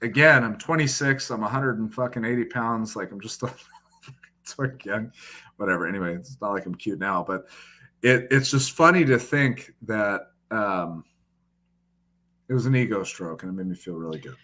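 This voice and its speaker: A man, a podcast guest, telling a profane, lively anecdote full of quoted dialogue. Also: lowish voice, moderate pace. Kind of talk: casual storytelling.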